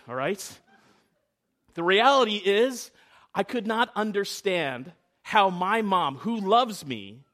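A man preaching a sermon, telling a childhood story, swinging from hushed to loud and often stumbling and repeating words. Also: sits high. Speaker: pastor.

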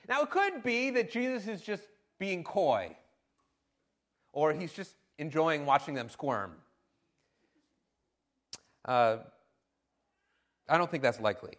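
A man preaching a sermon in an animated, emphatic way, with occasional fillers. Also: on the high side, takes it slowly, long pauses.

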